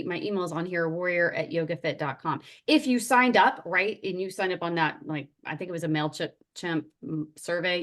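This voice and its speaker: A woman's voice: lowish voice, a bit bright. A woman yoga teacher leading an online workshop over a video call, chatty and upbeat, greeting attendees by name. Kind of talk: casual online workshop talk.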